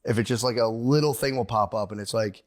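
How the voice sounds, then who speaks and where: A man's voice: mid-range voice, fast talker. A man co-hosting a podcast in casual comedic chat, acting out his own lines, swearing freely and laughing often. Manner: animated storyteller, acts out his own lines. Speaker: podcast co-host.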